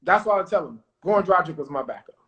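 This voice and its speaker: A man, a former pro basketball player, telling lively stories as a podcast guest and acting out what people said. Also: high voice, fast talker, dull audio. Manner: animated, acts out quotes, confident. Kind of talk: casual storytelling interview.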